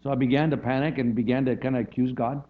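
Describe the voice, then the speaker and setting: A man's voice: mid-range voice, flat delivery, fast, narrow, tinny audio. A man preaching a sermon as a pastor, in a conversational way, often checking in with "right?" and restarting his phrases.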